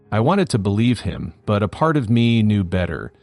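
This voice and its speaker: A man narrating a scripted first-person story in a steady, matter-of-fact way. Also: fairly low pitch, measured pace, soft background music.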